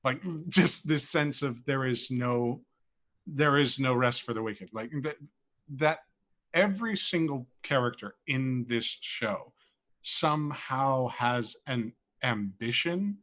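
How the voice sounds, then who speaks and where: A man's voice: mid-range voice, slow, fairly bright tone. Guy musing about his rpg character, casual, drops the odd swear, mid voice. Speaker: player. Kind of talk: casual discussion.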